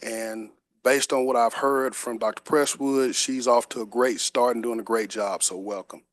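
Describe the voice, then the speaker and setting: A man's voice: mid-range voice, fairly even intonation, moderate pace, no echo. A man giving a polite, formal introduction at a board meeting, with a few fillers. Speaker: official introducing a new employee.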